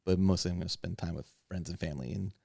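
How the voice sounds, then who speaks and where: A man's voice: sits low, fast talker, gravelly, a little mellow, no room sound, clean studio sound. A man hosting a podcast, chatting casually and candidly about his hobby and life, rambling and laughing often. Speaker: podcast host.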